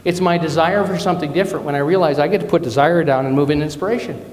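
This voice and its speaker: A male minister delivers a relaxed, conversational sermon with a voice pitched a touch high. He speaks candidly and pokes fun at himself as he tells personal stories. The sound rings through a roomy hall with a long, lingering reverb. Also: fast. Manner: candid, personal storytelling with self-deprecating asides. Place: church or spiritual centre hall.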